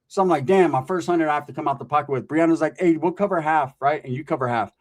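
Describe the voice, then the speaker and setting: A man's voice: a little high, animated, quick pace. A man telling a profane comic story, acting out the people he quotes. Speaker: storyteller comedian.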